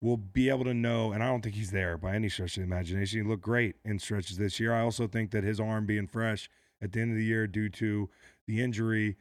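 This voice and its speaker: A male podcast host with a fairly low voice and a dry, close studio sound. He talks in an easygoing way, asking his guest long, rambling questions. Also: steady tone, fast, no room sound. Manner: chatty, asks long leading questions. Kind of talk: casual podcast interview.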